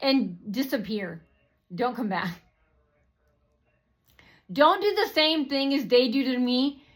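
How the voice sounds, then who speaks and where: A woman's voice: high-pitched, expressive, slow. A woman vlogger ranting to her viewers in a rambling, repetitive way, full of fillers and swearing. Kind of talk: rambling personal rant to camera.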